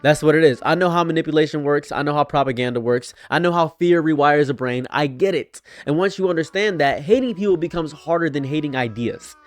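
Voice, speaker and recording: A man giving an unscripted commentary rant, heated and repetitive, swinging between loud outbursts and quiet mutters. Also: fairly high pitch, brisk, few pauses, no echo, faint music behind. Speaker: online commentator.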